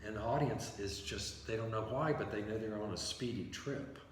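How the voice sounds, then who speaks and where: A man's voice: lowish voice, moderate pace, recorded from a distance. A man talking as an interview guest about writing, explaining with acted-out example sentences. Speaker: novelist and playwright guest. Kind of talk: conversational interview. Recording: echoey room from afar, faint hiss.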